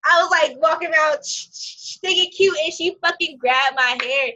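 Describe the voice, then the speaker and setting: A young adult woman telling stories in a casual chat over a video call, animated, profane and quick to laugh. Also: high-pitched. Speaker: conversation partner. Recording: muffled video-call audio.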